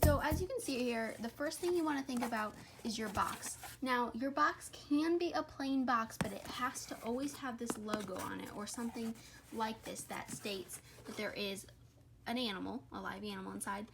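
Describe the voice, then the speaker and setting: A woman's voice: fairly high pitch, wildly swooping pitch, moderate pace, vocal fry, noisy background. A woman giving a casual how-to at home, rambling with frequent "um"s and self-corrections, filming on a phone camera. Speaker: reptile keeper vlogger. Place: her home, indoors.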